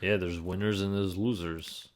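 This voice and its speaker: Deep-voiced man cracking dry jokes. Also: fairly even intonation, normal speed. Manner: dry, teasing interjections. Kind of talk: casual podcast chat.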